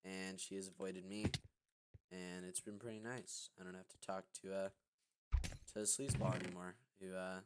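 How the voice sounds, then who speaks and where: A man's voice: sits low, steady tone, normal speed. A young man telling a story casually while gaming, rambling with lots of fillers and restarts. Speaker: vlogger. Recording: noisy recording with clicking.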